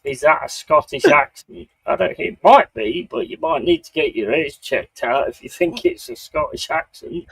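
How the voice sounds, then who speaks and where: A man's voice: a little high, huge pitch swings, normal speed, vocal fry, hardly any pauses, a bit bright, breathy edge, no echo, poor audio. A man from England with a Bristol accent, hosting a live stream and chatting casually with a guest while reading out chat comments, in a joking, laid-back way. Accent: Bristol English. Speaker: stream host. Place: home streaming setup.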